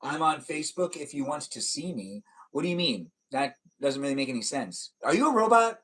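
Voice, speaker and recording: A man's voice: fairly high pitch, sing-song, a little fast, a bit bright, husky, rough recording. A man live streaming, chatting casually and reading out viewer comments in a rambling, repetitive way.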